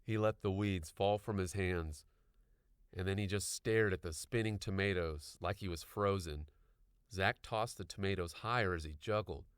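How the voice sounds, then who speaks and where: A man narrating an audiobook with expressive storytelling. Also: low-pitched, moderate pace, clear, resonant tone, no echo, clean studio sound.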